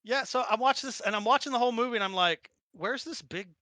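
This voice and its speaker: Animated game master, high bright voice. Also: male voice, rapid-fire, smooth, no room sound. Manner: animated, excitable, swears freely. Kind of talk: casual chat and tabletop game narration.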